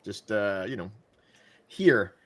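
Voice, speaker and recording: A man's voice: lowish voice, expressive, takes it slowly, a bit bright. A man in a casual podcast chat, joking and teasing wryly as a fantasy league team member.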